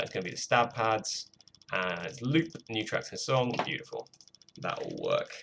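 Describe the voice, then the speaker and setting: A man's voice: lowish voice, pushed and bright, a little hiss or hum. A British man walking through his music production on a live stream, casual and self-mocking, swearing freely. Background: faint music playing.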